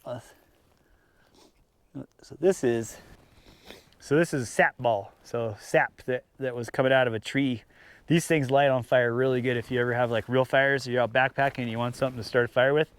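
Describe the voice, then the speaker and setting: A man's voice: medium pitch, fairly even intonation, normal speed, clean tone, dry recording. A man chatting casually to the camera at a mountain campsite, talking to his dogs as he sets out snacks. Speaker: outdoor vlogger. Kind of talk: casual camp vlog talk.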